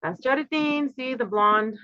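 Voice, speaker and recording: A woman's voice: sits high, lively intonation, a little slow, no room sound. A woman in her fifties talking in a rambling, conspiratorial way, full of filler words, as she hosts her own channel. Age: 50s. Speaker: channel host. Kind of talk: casual monologue. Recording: slightly dull, dry home recording.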